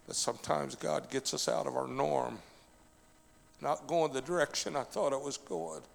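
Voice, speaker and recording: A man pastor giving a sermon testimony, building from quiet storytelling to shouting, with frequent "uh" fillers. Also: medium pitch, lively intonation, normal speed, vocal fry, in a large hall. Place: church.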